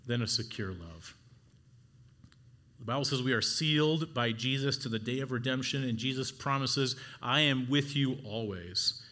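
A man's voice: mid-range voice, normal speed, sharp tone. A middle-aged man preaching an earnest sermon to husbands, urging them on with rising exhortations. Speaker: pastor.

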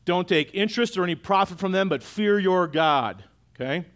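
A man's voice: sits high, lively intonation, normal speed, a bit bright. A middle-aged man preaching a sermon in a church auditorium, in a conversational way that keeps asking the congregation questions. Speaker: pastor.

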